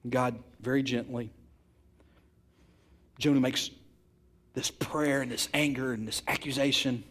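A man preaching a sermon, moving from quiet, intimate passages to loud, emphatic ones, repeating words for stress. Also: medium pitch, fairly even intonation, measured pace. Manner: repeats and restarts words when stressing a point. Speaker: pastor.

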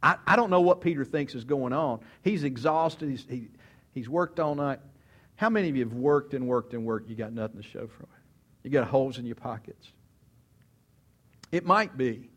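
A man's voice: mid-range voice, moderate pace. A man preaching a sermon, telling stories with animation, asking rhetorical questions and acting out quotes. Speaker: pastor.

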